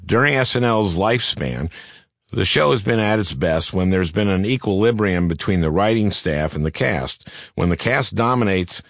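An older man reading his own memoir aloud in a dry, deadpan comic manner. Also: sits low, moderate pace, no room sound. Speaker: author narrating his memoir. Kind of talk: scripted memoir narration.

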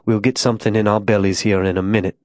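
A man voicing a tormented religious zealot who speaks to a child in a hushed, tender way. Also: on the low side, flat delivery, fast, no room sound, clean studio sound, close to an everyday voice. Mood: anguished.

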